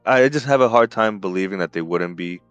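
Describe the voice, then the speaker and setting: A man's voice: deep voice, expressive, brisk, a bit bright, smooth, no room sound, faint music behind. A man co-hosting a podcast in casual chat, talking over the others and restarting his sentences. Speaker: podcast co-host.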